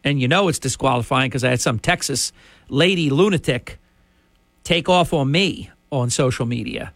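Indignant talk radio host, dry studio sound. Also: male voice, mid-range voice, moderate pace, creaky, a bit bright, no echo. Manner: indignant, emphatic ranting.

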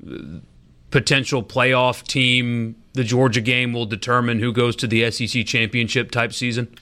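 A man co-hosting sports radio, giving measured, opinionated takes on teams. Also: mid-range voice, level tone, sharp tone. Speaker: radio co-host.

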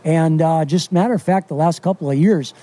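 Man, middle-aged, from Wisconsin, fishing guide, casual radio interview, folksy, enthusiastic, high voice. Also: a little fast, mellow, dry recording. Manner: enthusiastic, folksy, lots of fillers.

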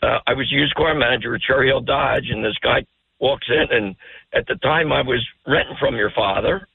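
An older man calling in to a radio show, chatting casually, rambling and stammering with a gravelly voice. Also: mid-range voice, normal speed, no echo. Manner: rambling, stammers and repeats words. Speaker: phone-in guest. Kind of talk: casual talk radio chat. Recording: dry tinny phone line.

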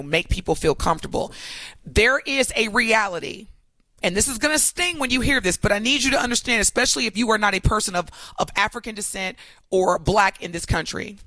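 A woman co-hosting a talk show, making her points emphatically with animated, repeated phrasing. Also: medium pitch, no room sound. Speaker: co-host. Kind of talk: opinionated talk show discussion.

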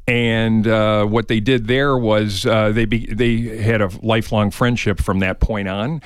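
A man's voice: fairly low pitch, level tone, unhurried, clean tone, dry recording. Male radio regular with a Rochester accent, anecdotal, dry studio sound. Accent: Rochester, New York. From Rochester, New York. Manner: storytelling, laughs often, says "uh" a lot. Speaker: movie guest on radio. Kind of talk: radio talk segment.

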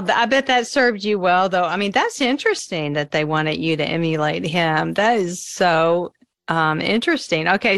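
Lady radio host, lowish voice, encouraging, asks questions, dry studio mic. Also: fairly bright tone, no echo. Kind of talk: interview hosting.

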